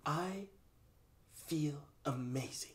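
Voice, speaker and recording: A man's voice: a little high, very slow, a bit bright. A young man in his twenties hosting a podcast, talking frankly and teasingly with a friend. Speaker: podcast host. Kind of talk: casual conversation.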